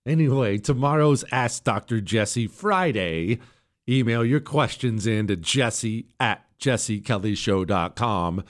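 Hoarse, emphatic talk radio host. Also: male voice, expressive, slow pace. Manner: emphatic, sarcastic, swings between loud jabs and low mutters. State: hoarse, voice nearly gone. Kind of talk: opinionated political talk radio monologue.

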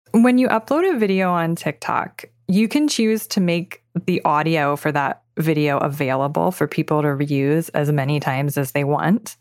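A woman's voice: low-pitched, no room sound. A woman writer narrating her own audio essay in a reflective, thoughtful manner on a close studio mic. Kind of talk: scripted narration.

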